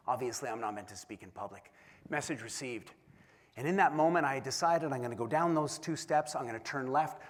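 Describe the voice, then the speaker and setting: A man giving a keynote speech, telling an animated, self-deprecating story and acting out the voices in it. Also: medium pitch. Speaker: keynote speaker. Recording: long hall reverb.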